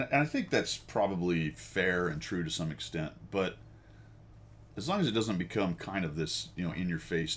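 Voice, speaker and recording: A middle-aged American man with a deep, low voice hosts a casual chat for his viewers. He rambles from tangent to tangent, pokes fun at himself and laughs often. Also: slight background noise. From United States. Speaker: host.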